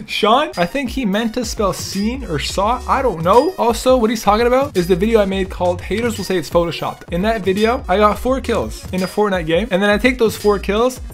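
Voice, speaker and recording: A young man with a notably high voice talks straight to his viewers, playful and mock-offended as he reads out comments. He laughs often, and faint music plays under him. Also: fairly bright tone. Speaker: gaming YouTuber. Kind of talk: reading comments to camera.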